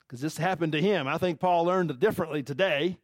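A male pastor giving a relaxed, chatty Bible lesson, asking his listeners questions as he goes. His voice sits a touch higher than most men's, and the sound is dry and close, with no room echo. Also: quick pace. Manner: conversational, animated, asks the audience questions. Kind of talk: casual Bible-teaching sermon.

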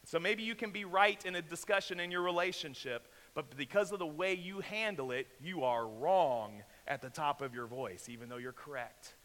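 A man preaching a sermon as pastor, talking in a conversational way, slowing down for emphasis and asking the congregation questions. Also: a little high, fairly bright tone. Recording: echo from a large hall.

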